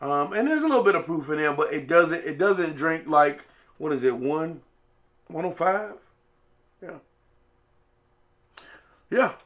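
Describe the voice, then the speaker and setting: Guy, slightly high voice, easygoing whiskey reviewer who rambles a bit. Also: lively intonation, a little slow, long pauses, a bit bright. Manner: laid-back, rambling. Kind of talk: casual spirits review.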